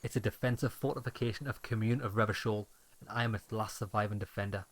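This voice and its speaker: A man's voice: on the low side, steady tone, fast talker, lightly acted. A man voicing a frail, bitter old deserter soldier who speaks in grim, clipped phrases.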